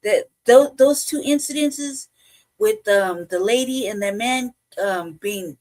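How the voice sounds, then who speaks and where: A middle-aged woman talks through political commentary in a blunt, profane way. She laughs often and throws in animated asides. Her voice sits in a middle pitch. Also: slow. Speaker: podcast co-host.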